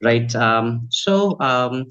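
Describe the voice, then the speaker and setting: Male trainer, mid-pitched, earnest and advising, courteous guest, slightly muffled lo-fi audio. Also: expressive, extremely slow, a bit bright, clear, resonant tone. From India. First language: Bhojpuri. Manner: earnest, advising, keeps saying ma'am and right. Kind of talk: interview answers.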